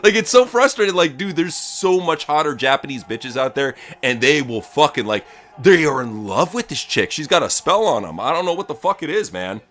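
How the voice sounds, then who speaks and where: Crude, laughing male co-host with a bright, lively voice, fit for a casual profane watch-along chat. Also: fairly high pitch, a little fast. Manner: crude, laughing, animated impressions.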